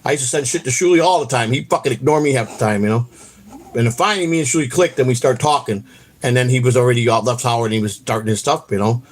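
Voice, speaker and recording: A man hosting a livestream, rambling through stories in a profane, excitable way. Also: mid-range voice, fast. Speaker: host. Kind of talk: casual rambling livestream chat.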